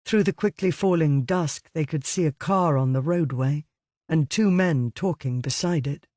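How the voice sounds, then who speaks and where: Male audiobook narrator, measured delivery, slightly raised pitch, dry sound. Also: a little mellow, no echo. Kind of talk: scripted narration.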